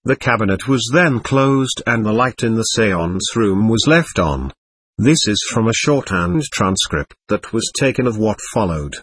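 A man reading a first-person account aloud as narrator, steady and matter-of-fact. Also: lowish voice, a little slow, breathy edge.

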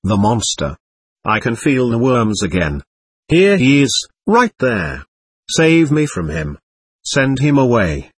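A terrified young man haunted by delusions, as a narrator puts him on, pleading in panic. The voice is husky and dry, close to the mic. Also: mid-range voice, very animated, slow, dry recording, exaggerated voice. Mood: panicked.

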